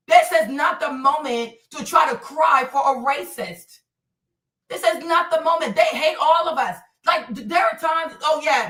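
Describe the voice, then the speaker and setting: A woman from Africa hosting a livestream, ranting furiously, swearing heavily and often shouting. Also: sits high, far from the mic. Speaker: livestream host. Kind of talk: heated livestream rant. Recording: echoey room, voice away from the mic.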